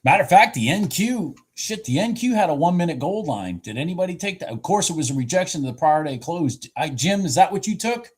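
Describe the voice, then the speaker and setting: A man giving excited live commentary on futures trades, exclaiming and repeating himself, with a husky voice. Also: fairly high pitch, fast talker, hardly any pauses.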